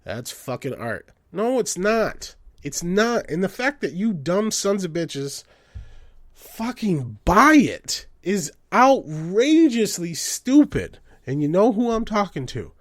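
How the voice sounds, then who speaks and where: A man rants and swears with a lively, bouncing pitch, jumping from loud outbursts to low mutters. His voice sounds dry and close to the mic, with no room echo. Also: slow. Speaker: podcast host. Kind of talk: profane comedic rant.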